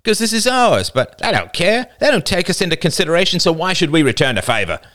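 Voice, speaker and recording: A man voicing a belligerent older teenage boy who talks loudly and demandingly, in a storybook reading. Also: medium pitch, very animated, normal speed, pitched above the performer's own voice. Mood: aggrieved. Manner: loud, demanding and aggrieved.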